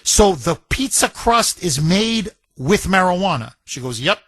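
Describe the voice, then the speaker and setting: A man's voice: sits high, big pitch swings, a little slow, fairly bright tone, no room sound. A man hosting a talk radio show, chatting animatedly with jokey asides and laughter. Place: radio studio. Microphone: studio microphone.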